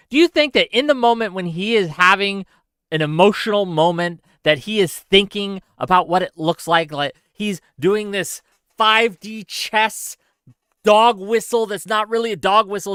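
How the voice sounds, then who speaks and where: A man's voice: high-pitched, pushed and bright, clear, resonant tone, no room sound. A man hosting a livestream, reading out chat comments and ranting in a sarcastic, exasperated way. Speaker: streamer host.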